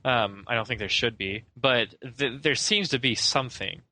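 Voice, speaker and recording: Male podcast co-host, casual and meandering, average pitch, bright voice. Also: normal speed. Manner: rambling and hesitant, full of "I don't know". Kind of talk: casual film discussion.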